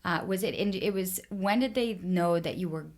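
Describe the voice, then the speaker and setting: A woman hosting a podcast interview, asking gentle, probing questions. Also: fairly low pitch, moderate pace. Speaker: podcast host. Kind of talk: conversational interview.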